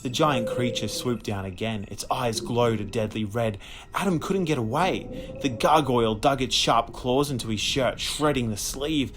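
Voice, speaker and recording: A man reading a children's horror story aloud as an audiobook, in a dramatic, expressive manner. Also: mid-range voice, normal speed, over music. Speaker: audiobook reader.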